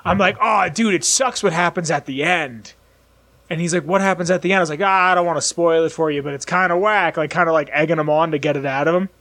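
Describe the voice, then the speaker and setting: A young man with a notably high voice, chatting casually as a co-host. He tells stories in a rambling, excitable way and acts out the characters as he goes. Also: racing, hardly any pauses. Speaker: podcast co-host. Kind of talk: casual chat, animated storytelling.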